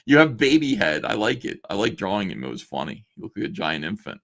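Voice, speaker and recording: A man's voice: lowish voice, very animated, fast, gravelly, a bit bright. A man casually reading old messages aloud on a stream and mocking them with a sarcastic, laughing manner. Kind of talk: casual commentary on a live stream.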